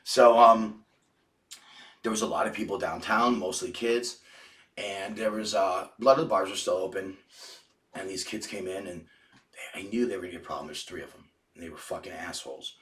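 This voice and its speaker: A man with a low voice spins a rambling, profane story as a podcast guest, circling back and restarting his sentences. He sits a little back from the mic, and the room around him sounds echoey. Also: fairly even intonation, fairly quick, pauses often, fairly bright tone. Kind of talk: casual storytelling. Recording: roomy, distant mic.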